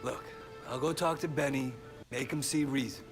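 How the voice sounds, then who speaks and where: An actor playing a calm male gang member in a game, speaking steadily. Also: medium pitch, normal speed, natural voice. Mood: steady. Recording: game audio under loud music, distant.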